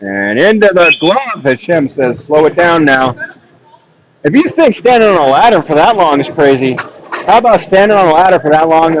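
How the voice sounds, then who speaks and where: Over lo-fi sound with slight background noise, a man with a fairly high voice gives live commentary on a ball hockey game. Sitting rinkside, he chats away, pokes fun at himself, and laughs frequently.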